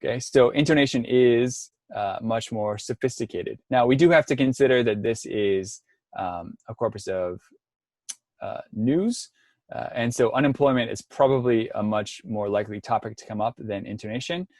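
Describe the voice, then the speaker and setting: A man's voice: medium pitch, moderate pace, darkish tone, dry recording, studio quality. A man presenting an online workshop, explaining step by step with frequent ums and restarts over a video call. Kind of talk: online lecture.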